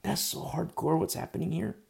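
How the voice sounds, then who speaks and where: A man preaching a sermon in an emphatic, conversational way, swinging from loud bursts to hushed asides. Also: a little high, fairly quick, gravelly.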